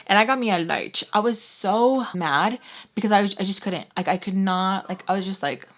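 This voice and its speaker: A woman's voice: medium pitch, normal speed. A young adult woman telling a personal story in a casual, chatty way, leaning heavily on "like" and acting out what people said. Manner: chatty, heavy use of "like", retells scenes with quoted voices. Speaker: vlogger.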